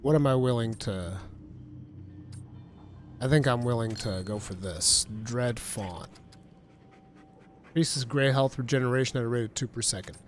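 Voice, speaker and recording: A man's voice: medium pitch, normal speed, pauses often, a little hiss or hum. A man streaming a game, chatting casually and thinking aloud as he plays. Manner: thanks chat viewers warmly. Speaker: gaming streamer. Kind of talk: casual let's-play commentary.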